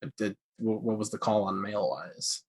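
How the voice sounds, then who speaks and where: A man's voice: lowish voice, fairly even intonation, normal speed, slightly rough. A man playing a tabletop role-playing game, asking playful questions about the rules. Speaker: player. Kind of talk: casual tabletop game play.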